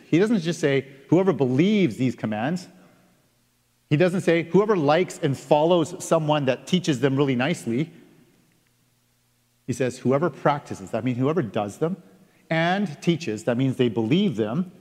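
A man's voice: medium pitch, animated, a little mellow. Man preaching in a reverberant hall. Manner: earnest, reads scripture aloud with emphatic pauses. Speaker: pastor. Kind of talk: sermon. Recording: long reverb of a large hall.

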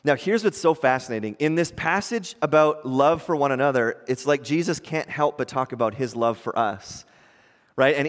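A man preaching a sermon as a pastor, conversational and animated, often asking the congregation rhetorical questions. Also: on the high side, long reverb tail.

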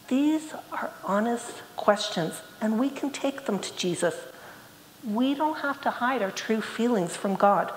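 A woman's voice: a little high, animated, unhurried, a little hiss or hum. A woman preaching a sermon, speaking earnestly and quoting scripture with rising emphasis. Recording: echoey hall, faint ambience.

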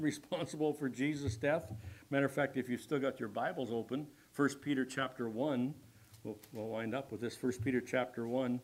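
A man pastor preaching a sermon slowly, rising to loud emphatic passages and dropping to hushed, near-whispered phrases. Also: mid-range voice. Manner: preaching with swells of loudness and drops to near-whispers; slow, deliberate delivery.

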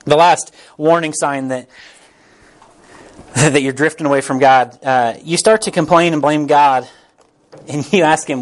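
A man's voice: fairly high pitch, a little slow. Casual young man teaching a Bible class. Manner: conversational, repeats phrases, acts out quoted voices.

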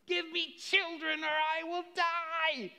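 A man's voice: very high-pitched, little pitch movement, takes it slowly, gravelly, bright, forceful tone, voice pushed up, exaggerated voice. A man voicing a desperate young woman who pleads with her husband in anguish, during a sermon.

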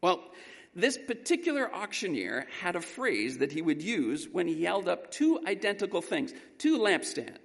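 Man preaching, telling a story with lots of energy, slightly high voice, big reverb. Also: normal speed, creaky. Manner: animated, emphatic storytelling. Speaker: pastor. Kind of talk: storytelling sermon. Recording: long reverb in a large hall.

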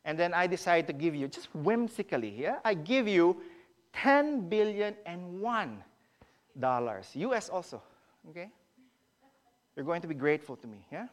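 Male preacher, very lively pitch, questions the congregation as he preaches. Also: moderate pace. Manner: animated, questions the congregation directly. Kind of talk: sermon.

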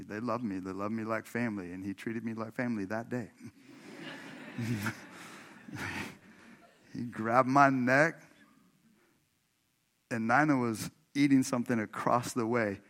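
This Washington state preacher's medium-pitched, fairly bright voice is unhurried, with long pauses. Speaking conversationally from a church sanctuary, he shares a personal story in his sermon, addressing the congregation and laughing frequently.

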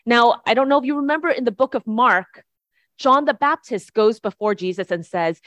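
A woman's voice: on the high side, moderate pace, a bit bright, dry recording. A woman preacher giving a conversational sermon to a congregation, often checking in with "right?". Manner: chatty, tags points with "right?".

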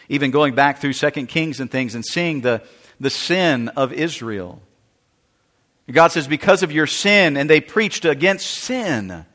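A man preaching a sermon, emphatic, with sudden drops to quiet and rises to loud. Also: mid-range voice. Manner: emphatic preaching with wide swings in loudness. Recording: long reverb of a large hall.

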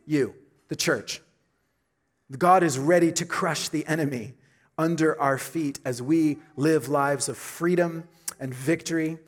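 A middle-aged male pastor delivering a sermon, his voice sitting a little higher than most men's. He presses each point hard, repeats his key lines for weight, and climbs to loud, ringing peaks. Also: measured pace. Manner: emphatic preaching, repeats key phrases, rises to loud climaxes.

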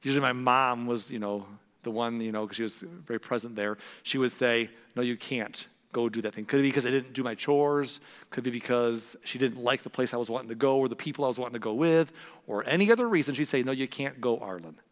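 A man preaching a sermon as a pastor, earnest and storytelling, dropping to hushed tones for emphasis. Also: medium pitch, quick pace. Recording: long reverb in a large hall.

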